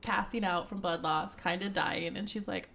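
A woman co-hosting a casual book review chat, recapping scenes in a relaxed storytelling way. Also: fairly low pitch, normal speed, creaky. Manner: relaxed storytelling recap, plays quoted lines. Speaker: podcast co-host reviewing a book.

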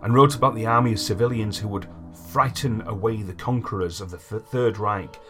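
A man with a lowish voice reads history notes on a podcast, then slips into loose chat full of fillers. Music plays behind him throughout. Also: a little fast, bright, forceful tone. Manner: reads long passages, then chats with fillers like "like" and "you know". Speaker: podcast host. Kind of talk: reading history notes between casual chat.

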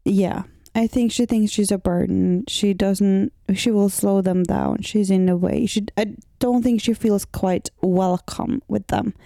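Woman co-host, unhurried, warm dark tone, dry close mic, casual comic chat. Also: mid-range voice, fairly even intonation, vocal fry, no echo. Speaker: podcast co-host.

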